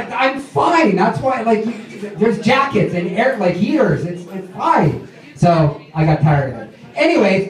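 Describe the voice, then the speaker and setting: High-voiced jokey emcee in an echoey pub. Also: male voice, a little mellow. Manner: jokey, halting, self-mocking. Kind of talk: stand-up show hosting. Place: small pub stage. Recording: echoey pub room, mic far off.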